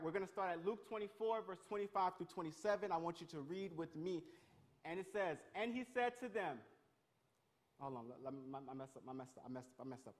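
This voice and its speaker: Guy preaching to a youth group, high voice, lively, keeps asking the room stuff. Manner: energetic, calls on the crowd, quick restarts. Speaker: youth pastor. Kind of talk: interactive Bible lesson.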